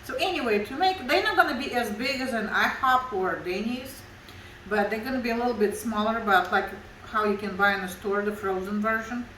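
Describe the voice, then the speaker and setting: Brisk, pushed and bright, a slightly high female voice talks through a home cooking demo in her kitchen. The host is Russian, with a Russian accent and broken English, explaining each step. The rough recording has an echoey room sound and a little hiss or hum.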